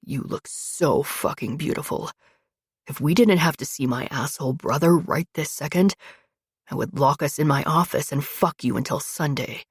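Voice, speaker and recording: A woman's voice: low-pitched, moderate pace, slightly rough, no room sound, clean studio sound, voice pushed down. A woman voicing a possessive, commanding man who runs a criminal outfit, giving curt, clipped orders in an audiobook. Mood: low, heated. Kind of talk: audiobook character voice.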